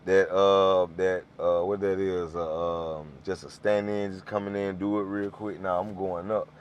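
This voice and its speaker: Guest rapper, low and animated, tells stories with voices. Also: male voice, a little slow, dull audio, a little hiss or hum. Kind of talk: casual storytelling.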